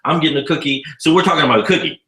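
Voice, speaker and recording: A man in his fifties, an educator living abroad, telling stories in a casual, profane, animated way during an interview. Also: on the high side, racing, roomy sound, poor audio. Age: 50s. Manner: animated, profane storyteller acting out dialogue.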